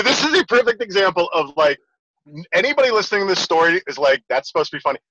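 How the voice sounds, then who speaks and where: Excitable guy chatting w friends, high bright voice, laughs a lot, dull lo-fi audio. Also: no echo. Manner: animated, laughs often, fast storytelling. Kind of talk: casual chat.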